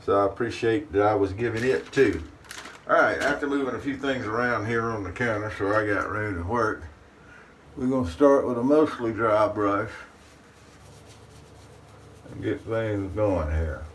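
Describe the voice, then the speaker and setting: Folksy low-voiced man, distant mic. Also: moderate pace, long pauses. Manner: folksy, talks about himself in third person. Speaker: shaving channel host. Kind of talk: casual chat to camera. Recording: distant mic with faint room noise.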